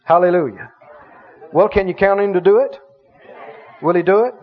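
High-voiced man preaching a sermon. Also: brisk, a faint crowd, a little hiss or hum. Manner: emphatic preaching, drawing out key words, calling for responses. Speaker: pastor. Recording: dull lo-fi sermon recording.

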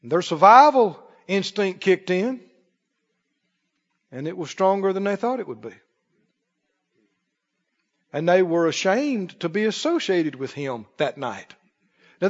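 A man preaching a sermon, emphatic and rising to shouts, drawing call-and-response from his congregation, recorded in an echoey church on a dull recording. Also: high voice. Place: church sanctuary.

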